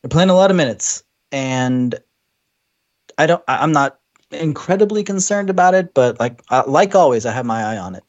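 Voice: medium pitch, animated, normal speed, muffled recording. A podcast co-host chatting casually about basketball with playful, joking asides. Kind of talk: casual sports podcast chat.

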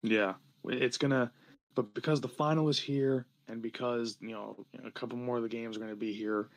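A young man from New Jersey co-hosting a podcast, talking in a rambling, animated way with lots of fillers and laughter. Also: mid-range voice, a little fast. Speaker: podcast co-host. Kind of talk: casual podcast chat.

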